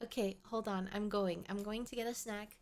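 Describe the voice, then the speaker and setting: A woman's voice: mid-range voice, fairly even intonation, moderate pace. A woman streamer chatting casually with her viewers at home, playful, giggly and rambling. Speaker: VTuber streamer. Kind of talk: casual livestream chat.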